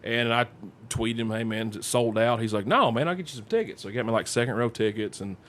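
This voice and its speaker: A man tells a rambling story in loose, casual chat. He acts out the other people's lines as he goes, and his voice sits at an everyday middle pitch. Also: fast talker. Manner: rambling, animated anecdote-telling with acted-out quotes. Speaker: podcast guest storyteller.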